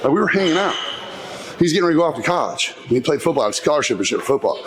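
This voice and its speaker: A man's voice: a little high, sing-song, rapid-fire. A man telling stories casually while training at the gym, rambling, swearing freely and laughing as he talks. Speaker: fitness vlogger. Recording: loud crowd noise behind.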